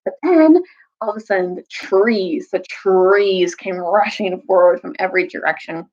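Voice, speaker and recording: A young woman telling a children's story, recapping and reading aloud in a casual, animated way. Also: a little slow, dull audio. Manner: animated, jumps high for quoted characters.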